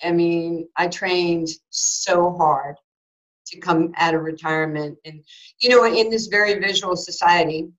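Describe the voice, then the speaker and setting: Lively storytelling woman, low-pitched. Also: a little slow, low-quality recording. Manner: lively anecdotes with acted-out quotes, many fillers. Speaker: guest, former basketball player and coach. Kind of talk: animated storytelling in an interview.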